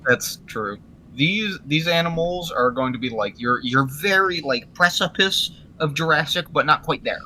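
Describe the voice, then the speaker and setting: A man's voice: a little high, expressive, moderate pace, sharp tone, slight background noise. A man chatting casually on a podcast, rambling and searching for words with many fillers. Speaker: podcast co-host. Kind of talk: casual chat.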